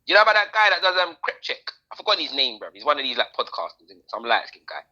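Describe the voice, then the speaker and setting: A man's voice: on the high side, fast talker, lo-fi sound. A man, co-hosting a podcast and telling stories in slang-heavy casual chat, acting out other people's voices. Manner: animated storyteller, slang-heavy, acts out voices. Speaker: podcast co-host.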